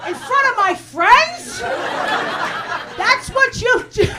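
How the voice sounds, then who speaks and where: A shrill, furious old grandmother scolds at the top of her voice, her pitch leaping high and swinging wildly as she nags, put on by a woman comedian. It is recorded live in a club, with loud crowd laughter and noise behind. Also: big pitch swings, slow, exaggerated voice. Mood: outraged. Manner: shrill, shouting, nagging.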